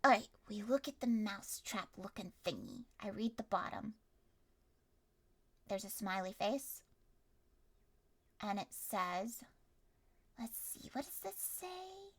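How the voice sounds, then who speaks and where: A young woman running a tabletop story game as game master, animated and quick to yell and laugh. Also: mid-range voice. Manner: animated, bursts into yelling and laughter.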